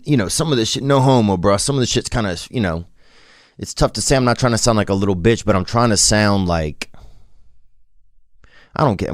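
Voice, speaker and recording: Very deep-voiced man, halting and confessional. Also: dry recording, clean studio sound. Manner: halting, rambling, full of restarts and slang; reflective and emotionally open. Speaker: podcast host. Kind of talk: confessional storytelling.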